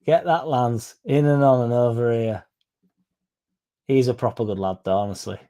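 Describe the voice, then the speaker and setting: A man's voice: medium pitch, moderate pace, warm tone. A young man with a Yorkshire accent, chatting casually as a fan channel host, swearing and joking like one of the lads. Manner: sweary, laddish and jokey. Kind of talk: casual chat.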